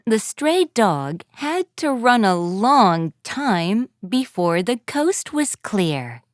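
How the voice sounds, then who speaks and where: A woman narrating a children's story in a gentle, expressive way. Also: mid-range voice, takes it slowly, no echo, clean studio sound. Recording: faint background music.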